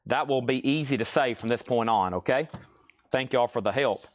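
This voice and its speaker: A man hosting a live-stream record auction, calling out items and prices briskly and often checking in with "okay?". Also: mid-range voice.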